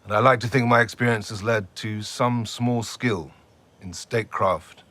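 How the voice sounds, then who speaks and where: An actor playing a pompous senior lord and war veteran in a TV drama, speechifying. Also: male voice, lowish voice, steady tone, normal speed, bright, forceful tone. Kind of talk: TV drama acting.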